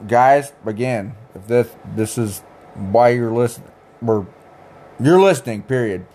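A man's voice: mid-range voice, expressive, measured pace, warm tone. A young adult man co-hosting a casual podcast, joking, teasing and swearing casually. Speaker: podcast co-host. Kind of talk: casual chat.

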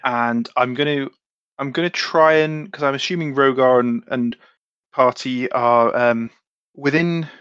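A man playing a tabletop role-playing game who talks in a hesitant, halting way. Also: mid-range voice, fairly bright tone, clear, resonant tone, no room sound. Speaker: player. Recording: dull, dry, lo-fi mic.

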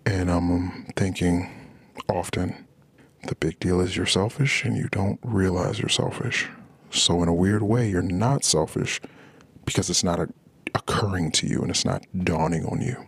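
A man's voice: deep voice, normal speed, husky, no echo. A man hosting a podcast, venting in a rambling, frustrated monologue about his marriage. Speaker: podcast host.

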